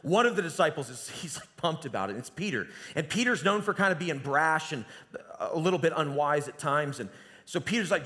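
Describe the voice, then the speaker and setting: A man giving a sermon as pastor, telling the story conversationally and dropping to a hushed voice at times. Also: fairly high pitch, expressive, fairly quick. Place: church sanctuary. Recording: long reverb of a church hall.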